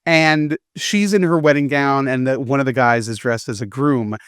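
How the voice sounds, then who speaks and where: A man's voice: mid-range voice, normal speed, fairly bright tone, clear, resonant tone, no echo. Guy film critic rambling about a movie, dry studio mic, acts out the lines. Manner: chatty, acts out characters' lines in quotes. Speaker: film reviewer. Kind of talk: casual podcast chat.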